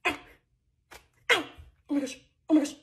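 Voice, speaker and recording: A woman's voice: moderate pace, noisy background. A young woman making a comedic phone vlog at home, giggly and dramatic, squealing in mock pain. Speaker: comedy content creator.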